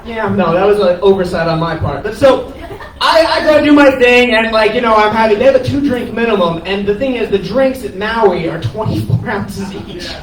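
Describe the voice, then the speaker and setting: A man who is a stand-up comedian, giving an animated, profane comic eulogy on a cafe stage, laughing as he tells it. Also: sits high, moderate pace, crowd noise. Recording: echoey room from far off, noisy.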